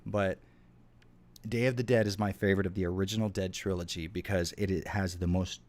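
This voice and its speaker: This deep-voiced gamer talks to his stream audience while playing, rambling, cursing freely, and answering chat messages over the clatter of a keyboard. He speaks a little fast with fairly even intonation and a slightly mellow tone.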